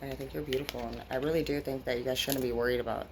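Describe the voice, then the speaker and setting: A woman's voice: very deep voice, steady tone, very fast, noisy background. A woman with grown children giving a casual tarot reading to her viewers, rambling, blunt and full of swearing. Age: adult with children. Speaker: tarot reader.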